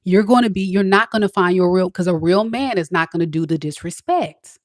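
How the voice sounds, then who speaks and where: A woman's voice: lowish voice, brisk, dry recording, clean studio sound. A woman, a tarot reader giving blunt, preachy love advice straight to the women watching. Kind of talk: direct-to-camera advice talk.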